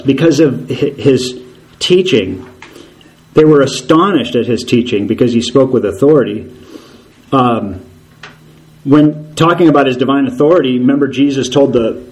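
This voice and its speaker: A man's voice: medium pitch, darkish tone, rough recording. A man preaching a sermon, earnest and conversational, with frequent rhetorical questions and occasional ums and restarts.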